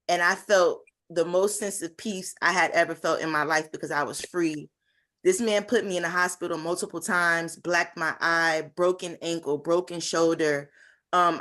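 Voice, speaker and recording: A woman's voice: fairly low pitch, a bit bright. A woman in her twenties giving an earnest, heartfelt personal testimony at a conference over a video call, with frequent fillers. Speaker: conference speaker.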